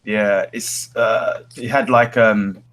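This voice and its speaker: A man's voice: on the low side, steady tone, slow pace, fairly bright tone. A man, co-hosting a casual comics chat and talking hesitantly, with many ums and restarts. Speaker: podcast co-host.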